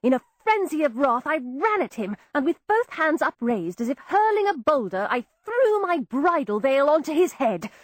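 A woman narrating a first-person novel with a wry, expressive delivery. Her voice sits fairly high and swoops lively through each sentence. The recording is close and dry. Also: normal speed, few pauses, no echo. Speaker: audiobook narrator.

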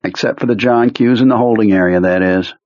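A man voicing a sardonic, gruff military commander. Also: fairly low pitch, fairly quick, darkish tone, no echo, dull audio, pitched above the performer's own voice, natural voice. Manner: clipped, sardonic.

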